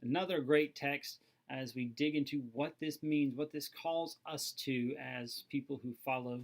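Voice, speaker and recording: Earnest pastor with a gravelly voice. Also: male voice, mid-range voice, steady tone, unhurried. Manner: earnest, explanatory, repeats words. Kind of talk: daily Bible study talk. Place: church livestream.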